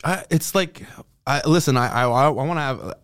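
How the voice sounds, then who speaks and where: A man's voice: fairly high pitch, normal speed, fairly bright tone, no room sound. Man, podcast guest, casual, stammering, dry close sound. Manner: stammers, restarts, laughs along. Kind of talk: casual chat.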